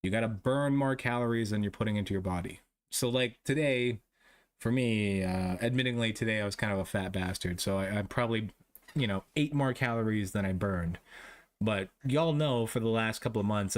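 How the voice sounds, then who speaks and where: A man's voice: lowish voice, normal speed. A man streaming a casual chat with his viewers, ranting with lots of swearing and frequent laughs. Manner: profane, ranting, laughs often.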